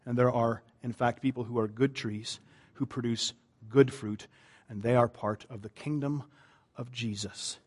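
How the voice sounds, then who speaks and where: A man, a pastor, preaching a sermon, moving between loud emphasis and quiet, drawn-out lines. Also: medium pitch, fairly even intonation, breathy edge.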